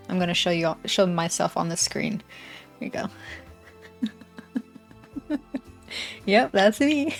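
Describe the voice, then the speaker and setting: A woman's voice: mid-range voice, expressive, unhurried, pauses often, faint music behind. A woman hosting a reaction video, making chatty, laughing asides to her viewers. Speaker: reaction channel host. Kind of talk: casual reaction commentary.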